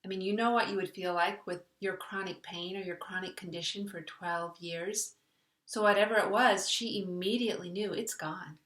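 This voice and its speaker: A woman's voice: medium pitch, steady tone, moderate pace, fairly bright tone, far from the mic. A woman hosting a reflective spiritual talk. She speaks earnestly and conversationally. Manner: earnest, conversational, retells a story with voiced quotes. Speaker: host. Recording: echoey room, voice a bit off-mic.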